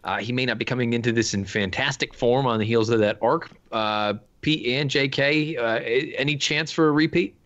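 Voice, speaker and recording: A man's voice: medium pitch, normal speed, few pauses, fairly bright tone, muffled recording. A man hosting a horse racing podcast, steering the panel and putting questions to his guests. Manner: moderating, posing questions to panelists. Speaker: podcast host.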